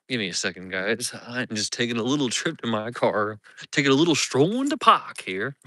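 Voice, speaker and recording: A man's voice: mid-range voice, big pitch swings, moderate pace, bright, forceful tone. A man with a Philadelphia accent, in his thirties, chatting casually and rambling to viewers on a live stream while outdoors in a parking lot. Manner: rambling, chatty, laughs often, repeats himself. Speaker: livestream host. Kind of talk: casual livestream chat.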